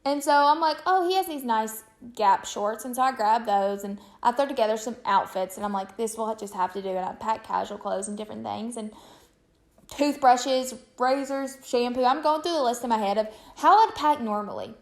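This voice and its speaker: Chatty higher-voiced woman vlogger. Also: moderate pace. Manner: chatty, rambling, many fillers. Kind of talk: casual storytelling to camera.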